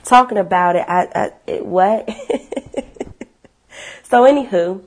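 A woman sharing her life story with viewers in a casual, animated testimony, blunt and swearing freely. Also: medium pitch, unhurried.

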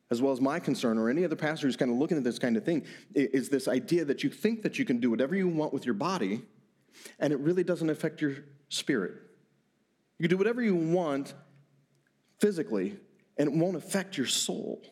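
A middle-aged man preaching a sermon as pastor, animated, stumbling over repeated words in quick bursts. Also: mid-range voice.

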